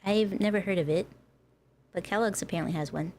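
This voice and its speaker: A woman's voice: on the low side, brisk, a little mellow, a little hiss or hum. An American woman who streams as a VTuber, chatting casually with her viewers and laughing often. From United States. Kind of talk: casual livestream chat.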